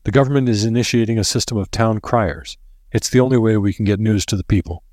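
A man's voice: on the low side, fast, a little mellow, dry recording, pitched above the performer's own voice, lightly acted. A man voicing a cheerful, blind young noblewoman in a lilting, lifted voice. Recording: dry close recording.

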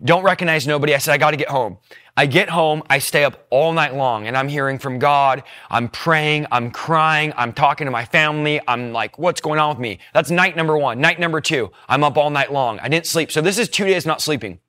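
A young man earnestly telling an emotional personal conversion story, shifting between hushed and excited moments. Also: fairly high pitch, a little fast, hardly any pauses. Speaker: testimony speaker.

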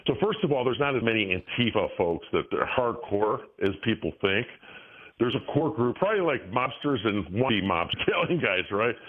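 A man in his sixties, a guest on a call-in talk show, tells animated stories in casual interview talk, restarting often and using lots of fillers. His voice is medium-pitched at a moderate pace, and the phone line sounds tinny.

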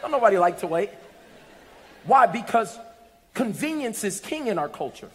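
A man preaching a sermon to a congregation, lively and humorous, rising to shouts at times. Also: sits high, moderate pace, a little hiss or hum. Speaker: pastor. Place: church sanctuary with congregation. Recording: long reverb of a large hall.

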